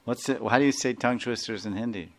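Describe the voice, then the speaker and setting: Speaking at a quick pace in a medium-pitched, slightly bright voice, a man with an Indian accent leads an informal spiritual class. He wanders from point to point, chuckling and frequently checking that listeners agree.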